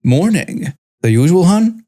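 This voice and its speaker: A man doing a brisk, friendly diner waitress. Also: sits high, sing-song, dark tone, pitched above the performer's own voice, heavily acted. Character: friendly small-town woman diner waitress.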